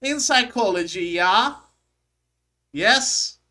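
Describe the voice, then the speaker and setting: Man doing mock German accent, pompous psychologist, lecturing, high voice. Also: animated, drawn-out words, sharp tone, full character voice. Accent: put-on German. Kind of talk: livestream reaction chat.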